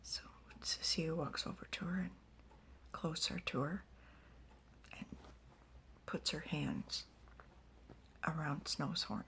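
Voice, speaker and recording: A woman narrating a fantasy story in soft, whispered ASMR storytelling with small asides. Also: low voice, steady tone, slow, pauses often.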